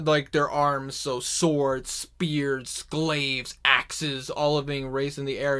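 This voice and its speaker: Slow-narrating male game master. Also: medium pitch. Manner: slow, deliberate narration with excited bursts.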